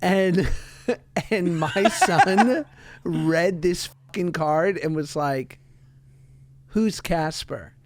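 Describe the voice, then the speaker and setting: A man's voice: high voice, drawn-out words. A man in his thirties co-hosting a podcast, telling stories in casual chat and acting out voices of his kids. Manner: animated storytelling, acts out voices of his kids. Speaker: podcast co-host.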